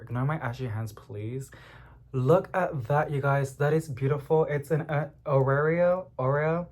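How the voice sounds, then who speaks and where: A young man chatting casually at home about plants he is unboxing, rambling and getting excited as he goes. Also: mid-range voice. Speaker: plant vlogger.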